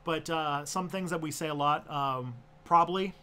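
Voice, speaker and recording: A man's voice: on the high side, steady tone, normal speed, sharp tone, smooth. Rambling man with a Toronto accent. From Canada. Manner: rambling, restarts sentences often. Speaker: co-host. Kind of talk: casual chat.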